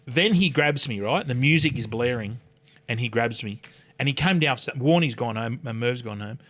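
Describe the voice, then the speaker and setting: A man's voice: mid-range voice, animated, moderate pace, a bit bright. An older Australian man, a podcast guest, telling a rowdy anecdote, swearing freely and acting out the other voices. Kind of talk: animated storytelling.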